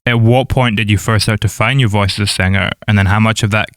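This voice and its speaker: A man hosting a music podcast, asking measured, articulate questions. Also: lowish voice, fairly even intonation, a bit bright, clear, resonant tone, dry recording, clean studio sound. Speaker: podcast host. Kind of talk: interviewing on a podcast.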